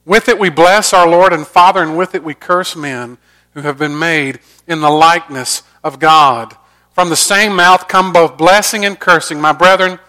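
A middle-aged pastor preaching a sermon earnestly, moving between loud emphasis and soft, quiet lines. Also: male voice, on the high side.

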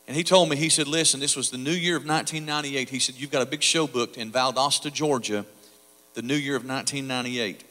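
A middle-aged man giving a testimony sermon, confessional at first, then fervent. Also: medium pitch. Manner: quiet and confessional, building to fervent preaching. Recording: echoey hall reverb.

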